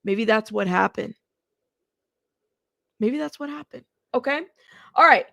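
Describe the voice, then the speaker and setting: A woman hosting a casual reaction commentary, chatty and animated, talking straight to her viewers and laughing often. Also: on the high side, a little slow, vocal fry, no room sound, studio quality. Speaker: host of a commentary channel.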